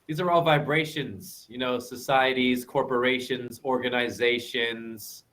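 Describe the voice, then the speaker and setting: A man in a casual online hangout chat, talking loudly and emphatically and rambling with fillers. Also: medium pitch, steady tone, a little slow. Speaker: hangout participant.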